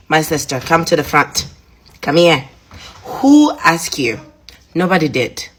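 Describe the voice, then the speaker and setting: Husky woman, defiant. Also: deep voice, big pitch swings, unhurried, long pauses, a bit bright. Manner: defiant, emphatic repetition. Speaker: reaction video maker. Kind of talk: defiant rant to camera.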